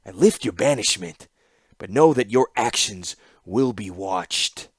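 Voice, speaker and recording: A man voicing a stern, commanding older warlord who speaks grimly and forcefully. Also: fairly low pitch, animated, husky, dry recording. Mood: scornful. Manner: grim, slow and forceful.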